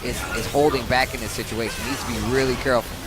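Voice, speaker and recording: A man's voice: mid-range voice, fairly even intonation, quick pace. A man co-commentating a live fighting game tournament, laid-back and teasing. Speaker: esports co-commentator.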